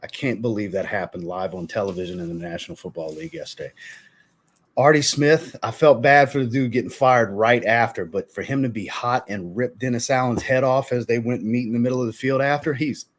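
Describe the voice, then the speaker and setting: A man with a mid-range, brisk voice hosts a fragrance livestream, casually reading viewer comments. He greets viewers by name, then rants bluntly and profanely before apologizing.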